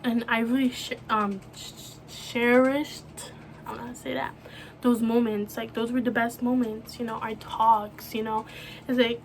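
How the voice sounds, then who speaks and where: A young woman with a fairly high voice speaks softly and haltingly, filling her pauses with "you know" and "like." She talks to camera in a personal, heartfelt vlog. A faint hiss of noise sits under her voice. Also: little pitch movement. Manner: soft, halting, full of fillers like "you know". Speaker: vlogger. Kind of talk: emotional personal talk to camera.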